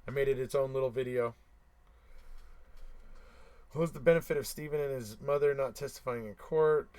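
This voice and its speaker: A man's voice: medium pitch, moderate pace, darkish tone, smooth. A man hosting a casual live stream, reading viewer comments aloud and answering them, who repeats himself for emphasis and chuckles between remarks.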